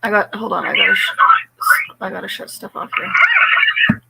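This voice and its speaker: Giggly hoarse woman, casual chat. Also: mid-range voice, wildly swooping pitch, normal speed, heavy background noise. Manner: giggly, chatty. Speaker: co-host of a live stream.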